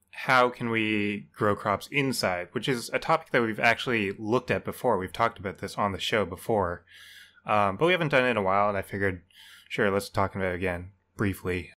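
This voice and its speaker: A man co-hosting a podcast, explaining his answer in a relaxed, casual way with lots of "like". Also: fairly low pitch. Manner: relaxed, explanatory, uses "like" a lot. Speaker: podcast co-host.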